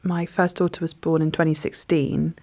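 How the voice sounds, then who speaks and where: Low-voiced, reflective woman author. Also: flat delivery, moderate pace, darkish tone. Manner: thoughtful, reflective, with frequent hesitations. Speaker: author and journalist guest. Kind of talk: conversational interview.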